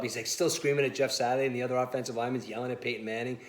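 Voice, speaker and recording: A man talks football at a brisk clip, animated and full of fillers like "listen" and "you know." His voice carries a roomy echo, as if he is recording in a bare room. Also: medium pitch. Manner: animated, laughing storyteller, says "listen" and "you know" a lot. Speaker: sports show co-host. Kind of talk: casual sports chat.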